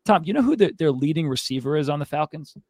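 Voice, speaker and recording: A man's voice: a little high, expressive, fast, darkish tone, no echo. Fired-up man ranting about football. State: out of breath. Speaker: podcast co-host. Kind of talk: ranting sports commentary.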